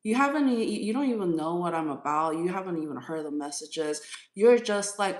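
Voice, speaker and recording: A woman with a lowish voice scolds a commenter during a live tarot reading. She is firm and lecturing and keeps repeating herself. The room echoes around her. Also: lively intonation, normal speed. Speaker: tarot reader on a live stream.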